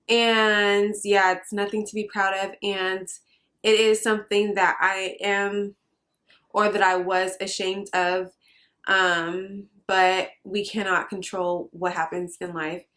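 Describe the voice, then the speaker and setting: A young woman speaks to her viewers in a heartfelt personal vlog. She is earnest and halting, and she pauses often with fillers. Her voice has a middle pitch and sits near tears. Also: fairly bright tone. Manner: earnest, hesitant with many fillers. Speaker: vlogger.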